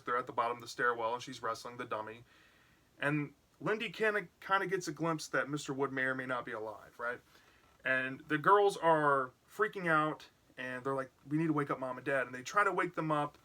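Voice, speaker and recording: A man's voice: medium pitch, sharp tone. A man giving a casual, chatty recap of a book's plot for a review, often checking in with "right?". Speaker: book reviewer.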